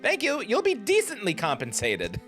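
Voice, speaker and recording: A man's voice: high voice, wildly swooping pitch, normal speed, a bit bright, faint music behind, pitched above the performer's own voice, full character voice. A man voicing a cheery, chatty eccentric village woman in a game playthrough, sweetly pushy as she hands out errands. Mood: chirpy.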